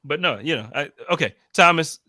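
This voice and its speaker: A male podcast host chats about sports in an animated, teasing manner, ribbing his guests. His voice is bright and a little high, and it comes across dry and close. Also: no echo. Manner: animated, teasing, quick to laugh. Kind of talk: casual sports podcast chat.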